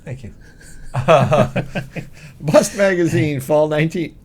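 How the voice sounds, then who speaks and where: On a reselling show, a male co-host chats casually about sales, rambling with fillers and asides while he lists items. His voice is fairly high and slow.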